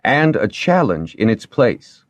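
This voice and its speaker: A man's voice: medium pitch, sing-song, takes it slowly, dry recording, muffled recording, pitched above the performer's own voice. A man reading aloud and voicing a keen, earnest young lord who presses his questions.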